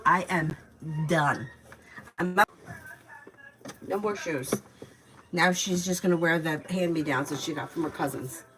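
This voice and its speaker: Blunt, low-voiced woman ranting casually. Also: unhurried, long pauses, a bit bright, rough recording. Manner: blunt, exasperated ranting with swearing. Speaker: tarot reader and livestream host; mother. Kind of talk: casual livestream chat and tarot reading.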